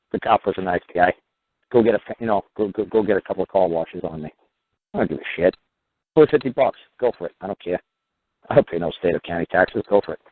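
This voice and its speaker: A man delivers a rambling, profane radio monologue at a rapid clip. He keeps circling back with "you know what". His voice sits low and comes through thin, as if over a phone line. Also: dry recording. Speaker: radio show host. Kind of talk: radio talk show monologue. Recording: narrow phone-like radio audio.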